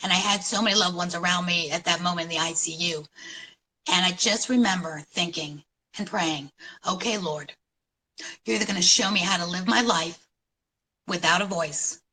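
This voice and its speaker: A middle-aged woman from New York City telling her story at a conference in an animated, storytelling way, with dramatic pauses. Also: fairly low pitch, poor audio. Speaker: conference speaker. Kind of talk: inspirational talk.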